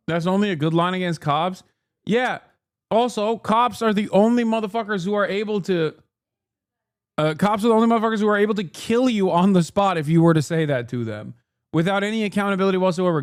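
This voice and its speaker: A man's voice: high voice, no room sound, studio quality. A man streaming political commentary, ranting heatedly and sarcastically with plenty of profanity. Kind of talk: live-stream rant commentary.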